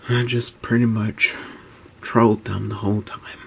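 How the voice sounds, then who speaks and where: A man in his early twenties, talking low and often whispering in a halting vlog at home, with many restarts. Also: flat delivery, creaky, breathy edge. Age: 20s. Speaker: YouTuber. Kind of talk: hushed vlog talk. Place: at home, indoors.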